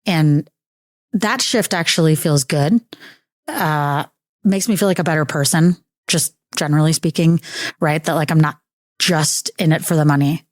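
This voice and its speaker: A woman's voice: deep voice, moderate pace, no echo, clean studio sound. A woman hosting a casual podcast interview, teasing her guest in a jokey way. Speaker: podcast host.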